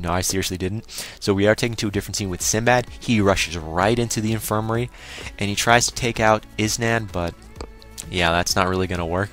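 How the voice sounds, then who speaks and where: Low-voiced man recapping an anime episode. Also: a bit bright. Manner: crude, exclaiming, mock-quoting himself. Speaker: anime reviewer.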